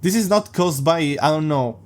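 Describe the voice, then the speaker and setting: A man's voice: a little high, moderate pace. Sarcastic man reading a story aloud. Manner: amused, sarcastic asides, laughs often. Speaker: podcast host reading a story. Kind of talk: casual reading with mocking commentary.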